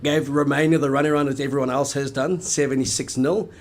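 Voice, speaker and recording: A man's voice: mid-range voice, fairly even intonation, brisk. A man co-hosting a casual sports chat, arguing at length in an emphatic, analytical way. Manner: emphatic, analytical, long flowing arguments. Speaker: podcast co-host.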